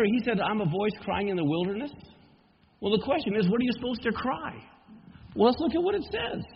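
A man preaching a sermon, reading scripture aloud slowly and rising to emphatic proclamation. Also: high voice, vocal fry, big-room sound, dull audio, a little hiss or hum. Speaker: Messianic Bible teacher.

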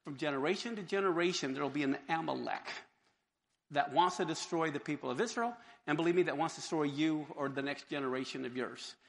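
A high, bright man's voice with a gravelly texture, teaching scripture with lively energy. He jumps into character to act out the crowds and Moses. The sound carries a long hall reverb. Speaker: Bible teacher. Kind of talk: animated Bible teaching.

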